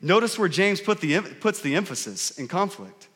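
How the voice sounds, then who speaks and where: Male pastor with a slightly raised pitch, preaching in a casual, earnest way in a reverberant church hall. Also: big pitch swings, moderate pace, fairly bright tone. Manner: conversational, earnest preaching with frequent rhetorical questions. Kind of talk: sermon. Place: church sanctuary.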